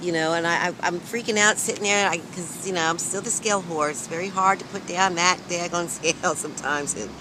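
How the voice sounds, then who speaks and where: A woman's voice: on the low side, a little fast, few pauses. A woman talking frankly and emphatically to her viewers in a weight-loss vlog, recorded outdoors in a city early in the morning. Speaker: vlogger. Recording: outdoor recording with clear traffic noise.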